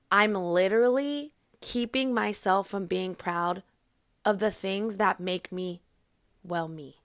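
A woman's voice: medium pitch, no echo, clean studio sound. A woman hosting a podcast in a casual self-help monologue, blunt and emphatic, swearing freely and acting out her own inner voice. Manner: acts out her inner voice in quotes. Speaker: podcast host.

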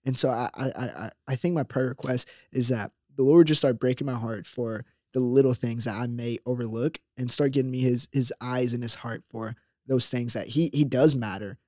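A man in his twenties, a college senior guesting on a podcast, chatting eagerly with frequent laughs and quick reactions. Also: mid-range voice, fairly even intonation, darkish tone, no echo, clean studio sound. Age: 20s. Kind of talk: casual chat.

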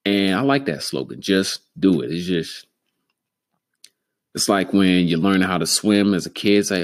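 A man hosting a solo podcast, rambling and cursing freely, sometimes getting excitable. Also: low-pitched, measured pace. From Denver, Colorado. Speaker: podcast host. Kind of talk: solo casual podcast monologue.

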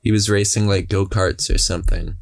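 A young man calmly tossing out ideas for a comic story in casual chat. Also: lowish voice, fairly quick, vocal fry.

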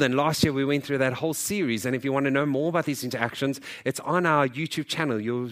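Animated male pastor preaching. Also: fairly high pitch. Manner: animated, acts out quoted dialogue; conversational, jokes with congregation. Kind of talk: sermon.

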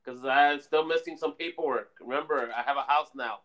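A man co-hosting a casual podcast chat, answering in short, low-key remarks. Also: a little fast, a bit bright. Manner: brief, low-key replies from off-mic. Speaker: co-host. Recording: distant, tinny phone-like sound.

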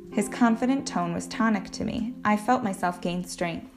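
A woman reading a novel aloud in a plain, measured way, with now and then a slip and a restart. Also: mid-range voice. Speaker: audiobook reader. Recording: guitar music playing underneath.

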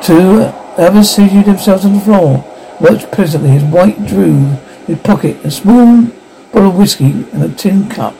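A man narrating a story aloud in a steady reading manner, with small slips. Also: sits high, unhurried, gravelly, slight background noise, poor audio.

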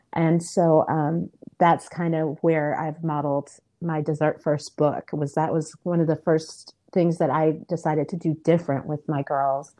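Low, mellow-voiced woman telling a story. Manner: warm, earnest storytelling with many fillers. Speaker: guest. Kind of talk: casual storytelling in an interview.

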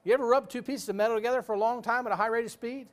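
A man's voice: extremely high pitch, fairly even intonation, racing. A man preaching a sermon in a folksy, joking way, full of rhetorical questions.

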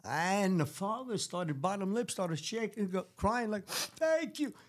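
A man with a New York Italian accent telling stories in a casual chat, animated, acting out quotes and swearing freely. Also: sits high, measured pace. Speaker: celebrity hair stylist guest.

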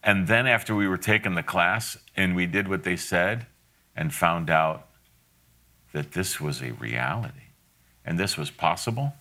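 Low, forceful-voiced man preaching. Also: a little slow. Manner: folksy and direct, with asides and frequent laughs. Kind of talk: conversational sermon on parenting.

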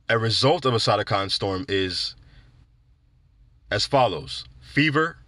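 A man hosting a casual commentary show, talking in an animated, digressive way with wry asides. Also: medium pitch, dry recording. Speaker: podcast host.

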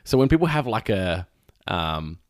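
Lively laughing male podcast co-host. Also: sits low, measured pace, no echo, clean studio sound. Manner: animated, laughs often, many fillers. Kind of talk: casual chat.

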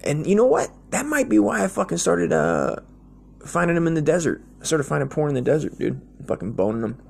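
A man's voice: on the high side, animated, brisk, creaky, husky. An American man giving a rambling, profane comedic monologue, blunt and crude, peppering his talk with slang like "dude". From United States.

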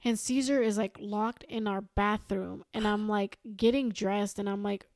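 In clean studio sound with no room noise, a young adult woman speaks unhurriedly in a steady, slightly mellow, medium-pitched voice. As a podcast guest, she rambles through a long personal story in a casual chat, quoting herself and others again and again with "I was like."

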